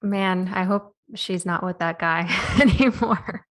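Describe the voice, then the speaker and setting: A woman hosting a health podcast, asking questions in a relaxed, conversational way and backing her guest up with short replies. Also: lowish voice, a little slow. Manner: conversational, affirming with short interjections. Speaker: podcast host. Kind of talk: casual interview.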